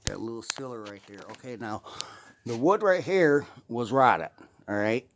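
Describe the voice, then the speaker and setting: A man's voice: medium pitch, lively intonation, moderate pace. A young man ranting on a handheld phone video outside his house, angry and profane, with blunt slang and an irritable edge from constant pain. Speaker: homeowner vlogging. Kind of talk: ranting vlog.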